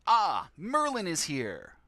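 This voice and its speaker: A man's voice: sits high, wildly swooping pitch, slow, pushed and bright, no echo, pitched above the performer's own voice, exaggerated voice. A man voicing a pompous, bossy male wizard while reading game text aloud, with grand, commanding declarations. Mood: grandiose.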